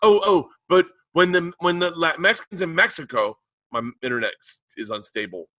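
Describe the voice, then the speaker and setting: A man's voice: on the high side, a little fast, bright, forceful tone, dry recording. A man co-hosting a podcast in casual chat, rambling and restarting his sentences over an unstable internet call. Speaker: podcast co-host.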